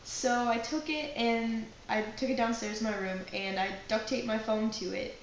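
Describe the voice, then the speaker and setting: Young woman telling a prank story to her class, chatty, lots of asides, kinda high voice, super echoey room. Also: fairly even intonation, normal speed. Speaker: acting class student. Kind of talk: personal anecdote told to a class. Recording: very echoey room with faint background noise.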